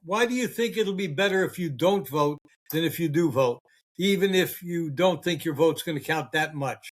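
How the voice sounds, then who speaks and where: High-voiced older man ranting on a podcast. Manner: heated ranting with swearing and halting fillers. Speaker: podcast host. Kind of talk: casual political chat.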